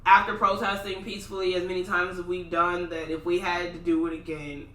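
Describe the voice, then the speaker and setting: A woman's voice: lowish voice, little pitch movement, a little fast, a bit bright. A young woman from Minnesota co-hosting a casual podcast, blunt and impassioned, swearing freely. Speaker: podcast co-host. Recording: echoey room, mic at a distance.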